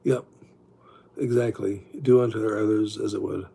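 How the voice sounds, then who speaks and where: A man's voice: lowish voice, fairly even intonation, moderate pace, gravelly, warm tone, breathy edge. A man hosting a livestream, telling rambling stories with lots of restarts in a casual chat. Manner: rambling, self-interrupting storyteller. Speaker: livestream host.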